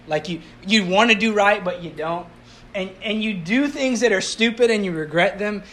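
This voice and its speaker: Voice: mid-range voice, moderate pace, fairly bright tone, slight background noise. Conversational pastor preaching a sermon. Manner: conversational preaching with rhetorical questions to the audience; light humor. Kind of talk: sermon to a congregation.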